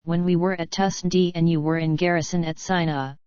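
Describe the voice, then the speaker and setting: A woman's voice: fairly low pitch, little pitch movement, a little fast, a little mellow, smooth, dry recording, natural voice. A woman reading the lines of a desperate aristocratic mother in an audiobook, with a pleading, strained and unsteady delivery. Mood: appealing. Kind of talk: audiobook narration. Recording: dull, dry recording.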